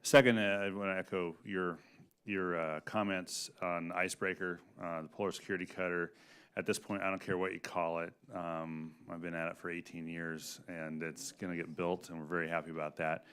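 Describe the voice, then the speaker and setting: A congressman with a low, smooth and resonant voice questions a panel at a hearing. He talks in a halting, folksy way, full of fillers and restarts. He speaks into a desk microphone in a hearing room. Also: level tone, fairly bright tone.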